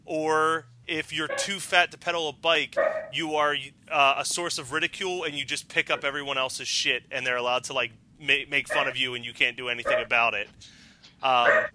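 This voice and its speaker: A man co-hosting a podcast in casual, excited chat, rambling and swearing as he recommends shows. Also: medium pitch, normal speed, a little hiss or hum. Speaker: podcast co-host.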